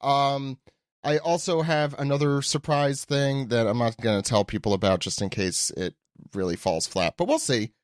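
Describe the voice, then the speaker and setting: A man's voice: mid-range voice, fairly even intonation, no room sound, studio quality. Joking podcast host, a man. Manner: joking, teasing, quick asides. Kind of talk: casual chat.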